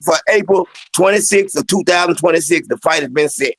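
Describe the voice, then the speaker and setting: A man's voice: fairly high pitch, a little fast, slightly rough, no room sound, soft background music. A man hosting a casual sports talk stream, laid-back and joking with his panel. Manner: laid-back, jokey, apologetic.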